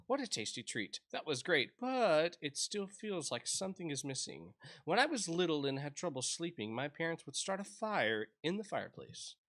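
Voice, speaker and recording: A sleepy, friendly male villager from a cozy life-sim game, read aloud by a man in a lightly put-on voice. His tone is bright and upbeat, even as he complains about not sleeping. The delivery sounds like game dialogue read aloud. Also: fairly high pitch, moderate pace. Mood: drowsy.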